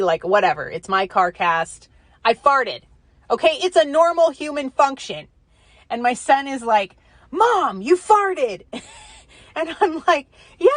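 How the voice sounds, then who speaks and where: A mother reflects aloud in her car for her podcast, giving a casual personal monologue full of fillers and restarts as she sorts through her emotions. She has a medium-pitched voice, and the recording has no room sound.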